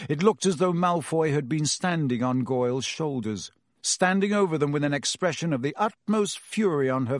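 A man reading a story aloud as an audiobook narrator, with a lively, dramatic delivery. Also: medium pitch, dry recording, studio quality.

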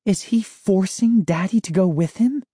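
A man's voice: normal speed, mellow, husky, dry recording, studio quality. A man doing a frightened young girl. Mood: whispered worry. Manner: high breathless whispers.

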